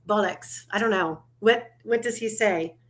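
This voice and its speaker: A woman's voice: medium pitch, slow pace. A woman hosting a casual livestream chat, talkative and loose, swearing now and then and laughing often. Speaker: livestream host.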